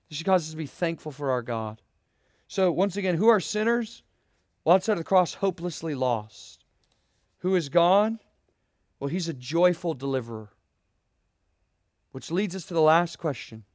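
A young man delivers a sermon in an earnest, emphatic way, firing rhetorical questions at his listeners. His voice sits fairly high for a man. The sound is dry and close, with little room around it. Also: no echo. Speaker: pastor.

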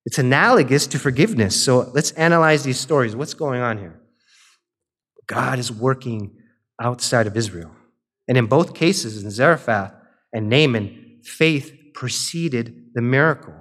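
A man preaching a sermon in a relaxed, conversational way. He retells old scripture stories in plain modern talk and briefly acts out the characters. His voice sits at a middle pitch. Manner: retells scripture in casual modern speech, acting out quoted characters; slows and softens into a quiet, drawn-out litany near the end.

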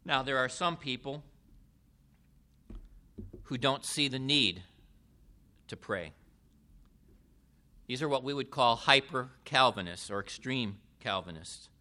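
A man preaching a sermon in a deliberate way, with emphatic rises and falls. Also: medium pitch, lively intonation, bright, forceful tone.

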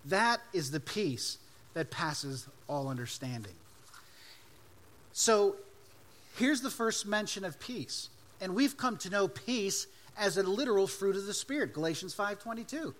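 A male pastor delivering a sermon with emphatic swells and sudden drops to a hush. His voice sits on the higher side for a man. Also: animated, unhurried. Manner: emphatic preaching, swinging between loud and hushed.

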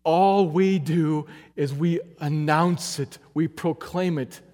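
A man preaching a sermon, earnest and emphatic, moving between loud urging passages and quiet, low ones. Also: steady tone, slow. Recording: long hall reverb.

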